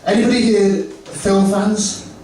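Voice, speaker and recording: A man's voice: sits high, fairly even intonation, slow pace. A man performing stand-up comedy, working the crowd and acting out both sides of his stories with animation. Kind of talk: stand-up set with crowd work. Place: comedy club. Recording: echoey club from far off.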